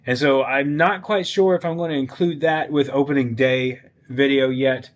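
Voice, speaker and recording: A man narrating a walking vlog outdoors at a theme park event, excited and chatty, talking straight to his viewers. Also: mid-range voice, moderate pace. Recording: crowd noise behind.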